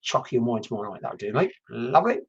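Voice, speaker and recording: A man's voice: mid-range voice, sing-song, fast, slightly rough. A man working as a spiritual medium, chatting casually and rambling on a livestream while answering viewers' comments. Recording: dull lo-fi stream audio.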